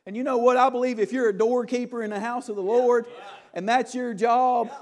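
A male preacher with a strikingly high-pitched voice delivers a sermon to his congregation. He builds to loud, emphatic shouts, then drops back into conversational asides peppered with "hey" and "I tell you what.". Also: steady tone, brisk.

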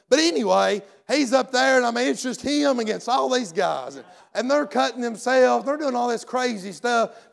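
High, gravelly preacher man. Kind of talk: folksy sermon.

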